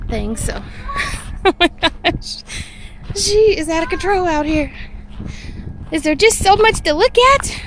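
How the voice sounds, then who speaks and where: A woman narrates a handheld vlog in an outdoor garden. She chats, laughs often and coos sing-song at a toddler. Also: medium pitch. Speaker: parent or caregiver filming a walk. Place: outdoor garden on a windy day. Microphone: handheld camera mic. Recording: wind noise on an outdoor camera mic.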